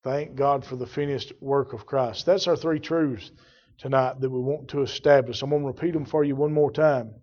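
A man preaching a sermon, fervent, rising to loud emphatic bursts. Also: medium pitch, steady tone, normal speed, lo-fi sound. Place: church.

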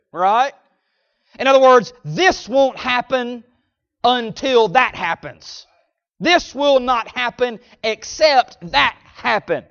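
A man preaching a sermon emphatically, often punctuating his points with amens and swinging between loud stresses and quiet asides. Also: very high-pitched, no echo, muffled recording.

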